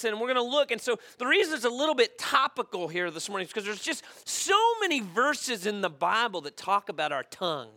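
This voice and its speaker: A man's voice: very high voice, bright, forceful tone. A male pastor, preaching a conversational sermon and often checking in with "okay?".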